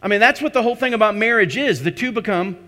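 Male pastor, high bright voice, emphatic sermon delivery with rhetorical questions. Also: fast.

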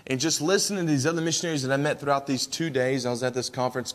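A young missionary man with an East Tennessee drawl tells stories to a church in a folksy, easygoing manner, often restarting his sentences. His voice is of middle pitch and carries a long reverb from the sanctuary. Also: fairly bright tone. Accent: East Tennessee Southern. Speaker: missionary speaker.

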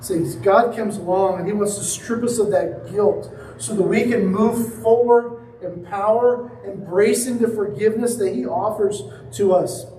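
Male preacher, high voice, sermon delivery with acted-out story, echoey hall mic. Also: unhurried, hardly any pauses, mellow, slight background noise. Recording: echoey room from a distance.

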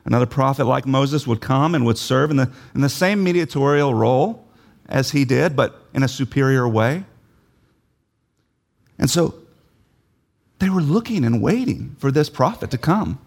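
A man's voice: mid-range voice, expressive, normal speed, vocal fry, pauses often. A man preaching a sermon, emphatic, repeating key phrases and putting questions to his listeners.

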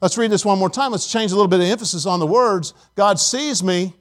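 A man's voice: sits high, fairly quick, a bit bright. A middle-aged male pastor preaching a sermon emphatically, calling on the congregation for responses.

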